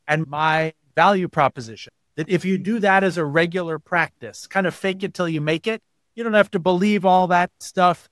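Man, interview guest, slightly high voice, animated, acts out quotes, dry close mic. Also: moderate pace, no room sound. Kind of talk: podcast interview.

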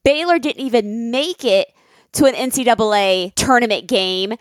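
A woman co-hosting a podcast, telling stories in an excitable, animated way in casual chat. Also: on the high side, moderate pace, dry recording, clean studio sound. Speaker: podcast co-host.

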